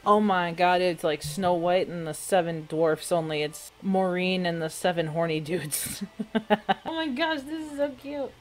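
A woman's voice: lowish voice, expressive, a little slow. A woman giving casual, giggly commentary while playing a life-simulation game, often breaking into laughter and exclamations. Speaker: gameplay streamer.

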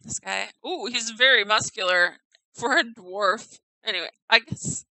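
A woman's voice: fairly high pitch, unhurried, bright, forceful tone, no room sound, rough recording. Giggly woman touring a game house. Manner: giggly, chatty, stumbles over names. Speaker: game house tour video maker. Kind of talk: casual game commentary.

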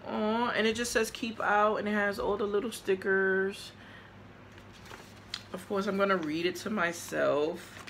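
A woman's voice: medium pitch, steady tone, a little slow, a bit bright, a little hiss or hum. A woman opening fan mail for her vlog, chatty and gushing as she talks straight to her viewers. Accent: New York. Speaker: vlogger.

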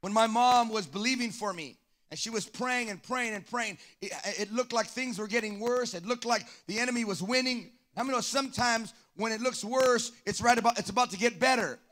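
A man with a high, bright voice preaches from the pulpit of a church. He calls out to the congregation and rises into a sing-song cadence. His tone is fervent and keeps driving forward. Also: fairly quick. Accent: Southern Californian. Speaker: pastor. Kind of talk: sermon. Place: church sanctuary.

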